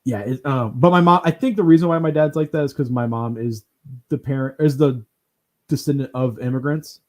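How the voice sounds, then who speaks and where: A man hosting a podcast in casual chat, telling lively stories, acting out what others said, laughing and swearing as he goes. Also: mid-range voice, brisk. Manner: animated storyteller who acts out quotes, laughs and swears often. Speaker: podcast host.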